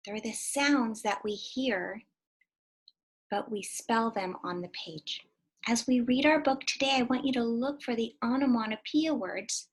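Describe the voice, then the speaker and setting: A woman teacher leads a read-aloud lesson for little children, lively and questioning. Her voice sits a little high and has a breathy, husky edge. She slips into whispers now and then. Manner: animated, asks children questions, drops to whispers.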